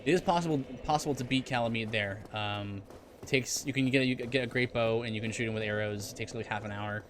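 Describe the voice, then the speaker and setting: A man's voice: medium pitch, fast, a little hiss or hum. A man streaming a game, chatting casually with viewers in a rambling way, often restarting his sentences. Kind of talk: casual gameplay commentary.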